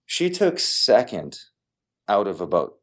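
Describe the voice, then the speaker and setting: A man with a very deep, low voice tells a story as a podcast guest. He talks in an animated, emphatic way and repeats key phrases for effect. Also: takes it slowly. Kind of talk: casual storytelling in conversation.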